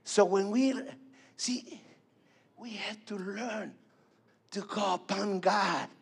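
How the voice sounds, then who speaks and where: A man's voice: high voice, slow, gravelly, husky. A man preaching a fervent sermon, repeating phrases and calling for responses.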